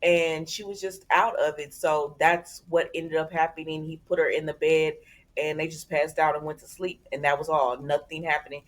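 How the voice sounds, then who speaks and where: A woman with a slightly low-pitched voice hosts a casual soap opera recap. She talks straight to her viewers in a loose, gossipy way. She keeps slipping into the characters' lines as she retells each scene. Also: level tone, normal speed. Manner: chatty, conversational, addresses viewers as y'all.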